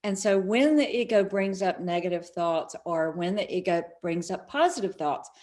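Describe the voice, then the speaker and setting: A woman's voice: on the low side, moderate pace. A middle-aged woman, a spiritual speaker, telling stories in an interview and acting out the quoted dialogue. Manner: animated, acts out quoted dialogue. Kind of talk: storytelling in an online summit interview.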